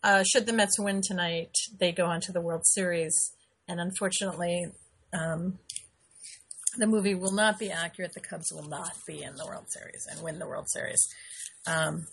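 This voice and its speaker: A middle-aged woman hosting her own show, chatting casually and rambling with frequent pauses and laughs. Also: lowish voice, steady tone, vocal fry, fairly bright tone, slightly rough. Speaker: show host. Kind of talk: casual live-stream chat.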